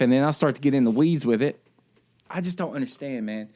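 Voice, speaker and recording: A man co-hosting a casual podcast, telling a frustrated story in an animated, ranting way. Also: mid-range voice, fast. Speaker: podcast co-host; military service member.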